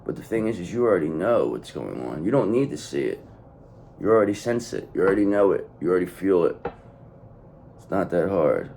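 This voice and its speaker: A man's voice: low-pitched, animated, brisk, vocal fry, darkish tone, a little hiss or hum. A man giving a blunt, profane tarot reading to his viewers, hammering points home by repeating the same phrase. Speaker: tarot reader.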